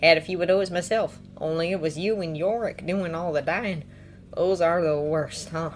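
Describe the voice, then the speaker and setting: A woman voicing a gentle, protective grown man who speaks in a soft, unhurried, comforting way. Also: lowish voice, a little hiss or hum, lightly acted.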